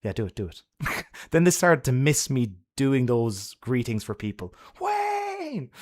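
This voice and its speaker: A man's voice: medium pitch, expressive, normal speed, darkish tone. A man giving friendly advice to his chat on a casual live stream, laughing often and swearing freely.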